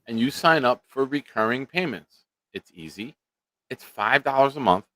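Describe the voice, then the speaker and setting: A man's voice: medium pitch, a bit bright, no echo. A young man hosting a casual live-stream sports show, blunt and joking with his viewers. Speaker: show host.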